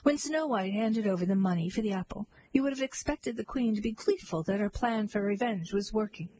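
A woman's voice: medium pitch, a little fast, dark tone, husky, dry recording, rough recording. A woman reading a parody fairy tale aloud with a dry, wry delivery. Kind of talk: comic storybook narration.

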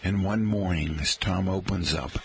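A man's voice: deep voice, normal speed, a little hiss or hum, low-quality recording. A man hosting a talk radio show, rambling through anecdotes with chatty asides to his listeners. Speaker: radio host.

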